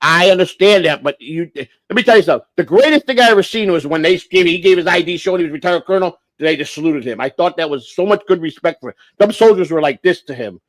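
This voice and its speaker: A man's voice: on the high side, lively intonation, quick pace, hardly any pauses, no room sound. A man hosting a livestream, telling a long story in a profane, rambling way with lots of restarts. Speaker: livestream host.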